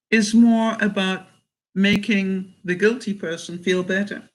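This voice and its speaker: A woman's voice: mid-range voice, moderate pace, fairly bright tone, poor audio. A woman vlogger chatting casually and answering viewer comments, outspoken and assertive. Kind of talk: casual live chat.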